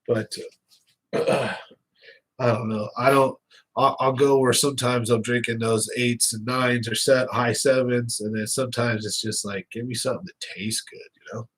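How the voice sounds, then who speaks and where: A young man talks loosely to his viewers on a live stream, rambling from one thing to the next and breaking into laughs. His voice sits at a middle pitch and sounds a bit stuffy from sinus trouble. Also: flat delivery, a little slow, a bit bright. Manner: chatty, rambling, laughs often. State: slightly congested with sinus trouble. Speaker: fishing channel host.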